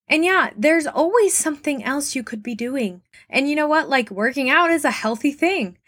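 A woman's voice: high voice, expressive, normal speed, hardly any pauses, fairly bright tone. A young woman hosting a motivational podcast, talking straight to her listeners in an earnest, encouraging way with lots of questions. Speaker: podcast host.

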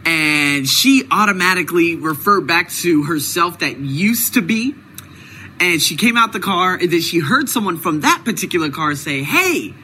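A man's voice: on the high side, expressive, normal speed, pushed and bright, slight background noise, low-quality recording. A man hosting his own video series, talking through a casual vlog monologue, emphatic and repeating words for stress. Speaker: video host.

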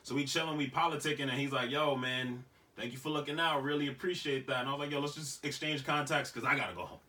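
This young podcast host talks quickly in a medium-pitched, steady voice that's bright and forceful, recorded far from the mic. During a casual chat he tells a slangy story, laughing often and acting out what others said.

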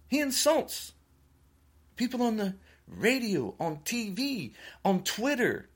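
A man's voice: fairly high pitch, slightly rough. A man giving an indignant opinion monologue, laughing between his points.

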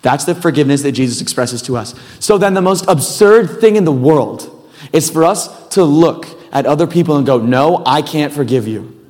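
A man's voice: a little high, animated, a little fast, a little mellow. Casual preacher man in a reverberant hall. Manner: casual, rambling, self-deprecating asides. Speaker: pastor. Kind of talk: sermon.

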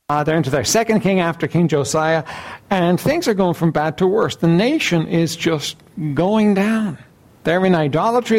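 A pastor preaches in a fairly high-pitched voice, reading scripture and then explaining it. His delivery is earnest, and he clears his throat now and then.

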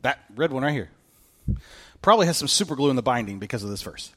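A man preaching a sermon as a pastor, animated and candid, with self-mocking humor and voices acted out in quotes. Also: on the high side, quick pace.

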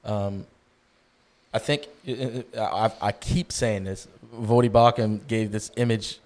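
A man talking earnestly about being called to ministry, halting often with ums and restarts. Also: lowish voice, steady tone, a little mellow. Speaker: guest aspiring to ministry. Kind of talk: casual Christian discussion.

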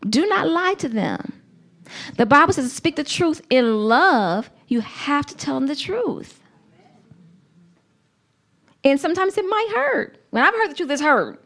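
A woman preaching a sermon to a congregation, earnest and emphatic, with slow, deliberate phrasing. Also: sits high, vocal fry, a bit bright.

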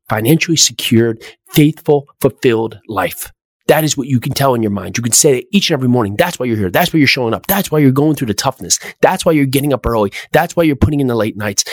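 A middle-aged man hosting a motivational podcast, speaking with energetic, repetitive emphasis and rhetorical questions. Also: medium pitch, no room sound, studio quality. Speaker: podcast host.

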